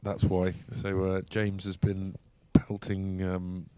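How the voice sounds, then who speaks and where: A man's voice: low voice, completely flat delivery, takes it slowly, darkish tone, smooth. A man giving casual, jokey co-commentary on a pool match, bantering and laughing often.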